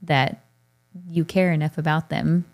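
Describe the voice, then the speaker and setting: A woman's voice: deep voice, steady tone, measured pace. A woman in her thirties co-hosting a parenting talk show, telling a family story in a chatty way with frequent laughs. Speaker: podcast co-host. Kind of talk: casual chat.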